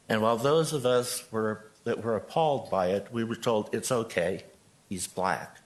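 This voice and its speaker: A man in his sixties from Joplin, a pastor giving a prepared, earnest statement at a city council podium microphone. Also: mid-range voice. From Joplin, Missouri. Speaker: pastor speaking at public comment.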